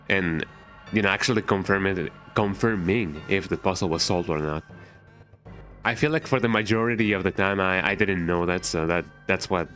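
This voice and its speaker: A man's voice: on the low side, pushed and bright. A man streaming a game, chatting casually in a rambling way with many fillers and restarts, his first language Spanish. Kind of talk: casual gaming stream chat.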